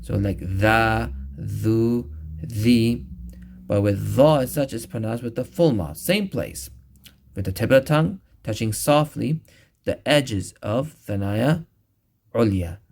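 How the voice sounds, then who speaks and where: A man teaching a recorded Quran recitation lesson, patiently explaining where each sound is made and repeating each one slowly. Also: medium pitch, lively intonation, creaky, a little mellow, a little hiss or hum.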